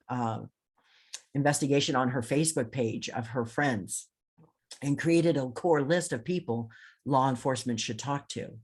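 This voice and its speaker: A woman guest on a podcast telling a personal story with intensity and emphasis, often restarting her sentences. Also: rumbling low. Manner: acts out others' lines in quoted voices.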